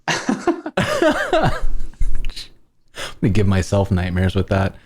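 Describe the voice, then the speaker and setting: Lively, laughing man hosting a stream. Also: lowish voice, very slow. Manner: laughs often, animated and playful. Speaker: host of a live coding stream. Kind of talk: casual chat.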